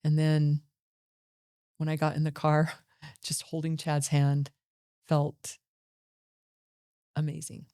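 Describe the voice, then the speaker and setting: A woman's voice: low-pitched, monotone, slow pace, long pauses, warm tone. A middle-aged woman hosting a podcast, telling her own life story in an earnest, reflective monologue. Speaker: podcast host.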